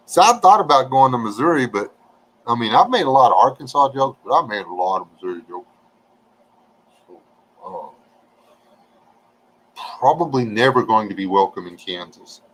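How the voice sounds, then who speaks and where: A man's voice: medium pitch, animated, normal speed, long pauses, a bit bright, low-quality recording. A man, chatting casually and joking with viewers on a livestream. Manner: folksy, joking, reading chat aloud.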